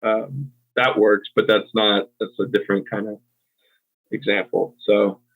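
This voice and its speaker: A man's voice: fairly low pitch, fairly even intonation, unhurried, husky. American man on a tinny call line. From United States. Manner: hesitant, many ums, self-correcting. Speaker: co-host and English tutor. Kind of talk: casual teaching chat. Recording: tinny phone-like call audio.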